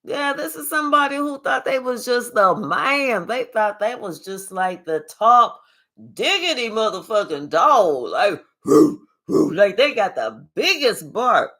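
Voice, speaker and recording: A woman doing a live tarot reading, talking in a sassy, profane, animated way and chatting with her viewers. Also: a little high, measured pace. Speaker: tarot reader.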